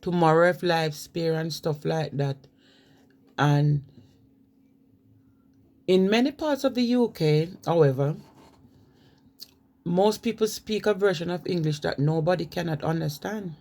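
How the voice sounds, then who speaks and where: A woman's voice: fairly low pitch, animated, a little slow, vocal fry, long pauses, dark tone. A woman from Jamaica with a Jamaican accent, giving an informal spoken lecture, conversational and reading from notes with frequent fillers. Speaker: presenter on language.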